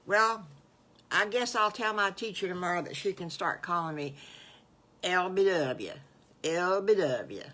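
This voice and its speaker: A woman's voice: medium pitch, moderate pace, pushed and bright, lightly acted. An older woman voicing a sweet, timid little boy wolf who stammers and hesitates. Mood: earnest. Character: young male wolf cub, timid and sweet.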